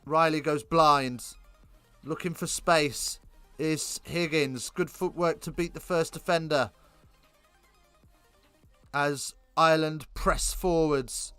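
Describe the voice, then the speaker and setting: A man calling a live rugby game, chatty and self-correcting, lifting into excited bursts on big plays. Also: a little high, takes it slowly, smooth, dry recording, soft background music. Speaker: rugby commentator. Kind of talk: live alternative play-by-play commentary.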